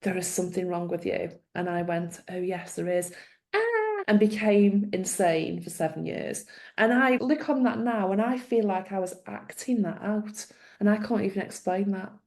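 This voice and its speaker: A middle-aged woman tells a story with a gravelly, mellow voice. She slips into the people she quotes as she goes. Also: mid-range voice, moderate pace. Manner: animated storyteller, acts out quoted dialogue. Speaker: guest, former social worker. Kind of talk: storytelling in a conversation.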